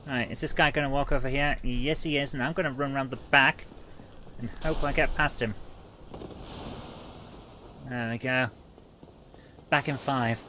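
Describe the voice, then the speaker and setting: A man streaming a retro game live, chatting with viewers in a joking manner and reacting loudly to the gameplay. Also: fairly high pitch, a little hiss or hum. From Britain. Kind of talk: casual live-stream chat, reading chat aloud.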